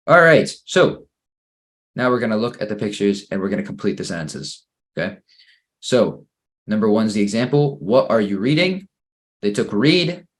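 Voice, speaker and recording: A man teaching an online English grammar lesson for children, patiently reading exercises slowly and praising each answer. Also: lowish voice.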